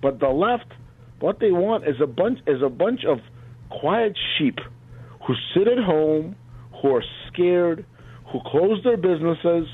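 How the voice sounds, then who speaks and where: A man's voice: on the high side, lively intonation, unhurried, breathy edge. A man speaking fervently and emphatically in heated political talk as a guest on the line. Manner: fervent, emphatic rally-style delivery. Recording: tinny phone line.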